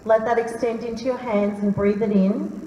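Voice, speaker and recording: A woman calmly guiding a live audience through a breathing meditation in a large hall, speaking slowly and soothingly. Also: on the high side, highs cut off, a little hiss or hum. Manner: calm, slow and soothing. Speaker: workshop leader. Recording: roomy hall reverb, faint ambience.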